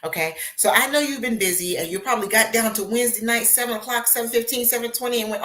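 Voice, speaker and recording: A woman's voice: on the high side, quick pace, hardly any pauses. A woman hosting a live show as a beauty consultant, chatting casually with viewers and acting out little asides. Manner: chatty, animated, acts out voices in asides.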